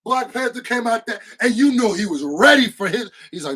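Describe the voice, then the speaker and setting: High-voiced, excitable man reviewing a film. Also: brisk, breathy edge, low-quality recording. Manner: animated, slangy, bursts of shouting and laughter. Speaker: movie reviewer. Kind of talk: excited casual movie review.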